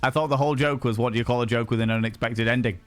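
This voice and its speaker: A man chatting casually with viewers as a livestream host, playful and theatrical, swearing freely and swinging between shouts and hushed asides. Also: medium pitch, steady tone, rapid-fire, soft background music.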